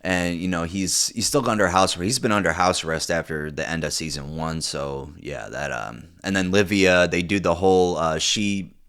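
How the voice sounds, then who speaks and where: A man's voice: sits low, steady tone, normal speed, hardly any pauses, fairly bright tone, clean tone. A young man reviewing a TV show in casual, rambling commentary, swearing freely and full of fillers and restarts.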